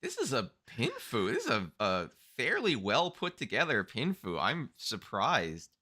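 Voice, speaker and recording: A man's voice: mid-range voice, wildly swooping pitch, measured pace, sharp tone. A man co-hosting a mahjong stream, thinking aloud through plays in casual commentary.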